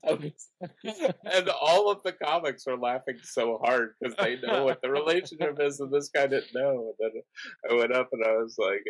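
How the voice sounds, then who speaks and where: A man's voice: mid-range voice, moderate pace, no room sound, poor audio. A man, a stand-up comedian and podcast guest, telling stories in casual chat, laughing often and acting out what people said. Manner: laughing storyteller who acts out quotes.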